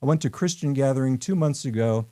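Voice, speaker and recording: Mellow-voiced American man hosting a podcast. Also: medium pitch, fast. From New York, USA. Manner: rambling and opinionated, many ums and uhs. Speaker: podcast host. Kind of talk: casual political podcast talk.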